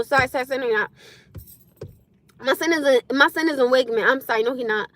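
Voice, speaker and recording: A woman chatting loudly and bluntly on a live stream from inside her car, laughing often. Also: high voice, fast, pauses often, no echo. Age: adult with a school-age son. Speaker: livestreamer. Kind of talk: casual live-stream chat.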